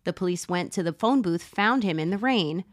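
A woman podcast host telling a true crime story in casual chat, animated, swearing casually and laughing often. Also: lowish voice, normal speed.

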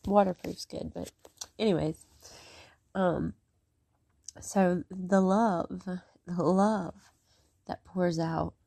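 A woman's voice: lowish voice, warm tone, no echo. A woman talking casually and emotionally about her faith, rambling and near tears, then reading scripture aloud. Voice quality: voice a bit rough today. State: close to tears. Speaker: faith vlogger.

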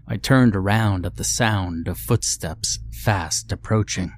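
Low, slow-spoken male horror narrator. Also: darkish tone. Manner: measured, brooding delivery. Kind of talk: scripted horror story narration.

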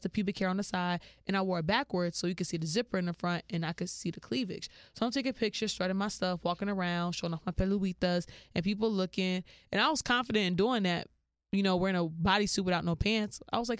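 A woman hosting a podcast, telling a story in a slangy, animated way and jumping into high voices for the people she quotes. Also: fast talker, clean tone, no echo, studio quality. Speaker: podcast host. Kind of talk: casual storytelling monologue.

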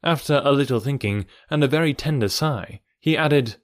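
A man reading the narration of an audiobook, measured and even. His voice sits mid-range and sounds dry and close. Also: mid-range voice, no echo.

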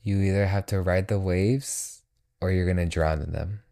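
A man's voice: low voice, steady tone, moderate pace, mellow. A young man hosting a motivational solo podcast, talking in an earnest, reassuring way and repeating phrases for comfort. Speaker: podcast host.

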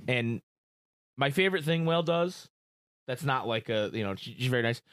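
A chatty man hosts a casual podcast, talking with easy enthusiasm. His voice sits at a middle pitch, and the recording is dry and close. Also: lively intonation, moderate pace, clean tone, no room sound. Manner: chatty and enthusiastic, hyping up guests. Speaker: podcast host.

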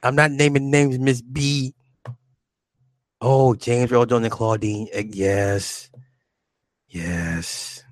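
A man's voice: fairly low pitch, no room sound. A man chatting casually on a livestream, rambling and profane, laughing often. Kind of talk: casual chat.

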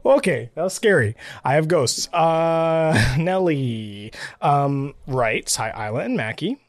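Guy cohosting a podcast, kinda high voice, dry close mic, laughs a lot. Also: slow pace, no echo. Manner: animated, laughs often, reads listener emails aloud. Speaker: podcast co-host. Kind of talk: casual chat. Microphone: podcast mic on video recording.

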